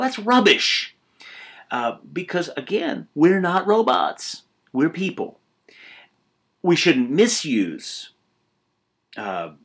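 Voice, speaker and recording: Husky older man lecturing casually. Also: mid-range voice. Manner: conversational, storytelling with asides and restarts. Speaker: college writing instructor. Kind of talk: informal recorded lecture.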